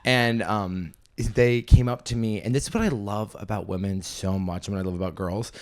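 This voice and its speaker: A young man hosting a comedy podcast, telling a story in animated, gossipy casual chat, often breaking into loud laughs. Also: fairly low pitch, moderate pace. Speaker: podcast host and stand-up comedian.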